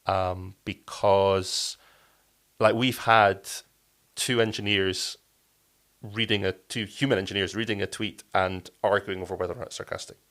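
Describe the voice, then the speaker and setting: A man speaking as a podcast guest, explaining his work in relaxed interview talk, with frequent restarts and fillers. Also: low voice, measured pace. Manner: thoughtful, many restarts and fillers. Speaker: podcast guest, company co-founder.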